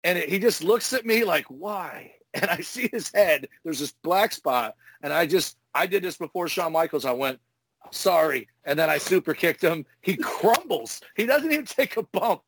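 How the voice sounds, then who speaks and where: A man, a former wrestler, telling profane, animated stories in casual podcast chat. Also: fairly high pitch, normal speed, few pauses, breathy edge, dry recording. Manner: profane, animated storyteller acting out moves. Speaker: retired pro wrestler, podcast host.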